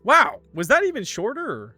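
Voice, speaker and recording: A man streaming a game, chatting casually and thinking aloud in an animated way. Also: very high-pitched, normal speed, no room sound, soft background music. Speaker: gaming streamer. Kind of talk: casual let's-play commentary.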